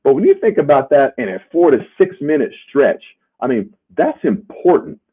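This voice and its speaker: A man's voice: fairly high pitch, big pitch swings, normal speed, slightly rough. A man who once played the sport, co-hosting a podcast and making emphatic, punchy points. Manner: emphatic, punchy, tag questions. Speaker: podcast co-host, former player. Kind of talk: casual sports chat. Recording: tinny phone-like sound.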